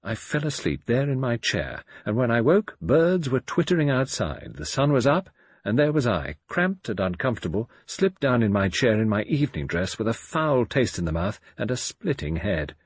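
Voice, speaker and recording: A man reading a first-person audiobook in measured, expressive storytelling. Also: husky, dry recording. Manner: measured, expressive storytelling with wide pitch swings. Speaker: audiobook narrator.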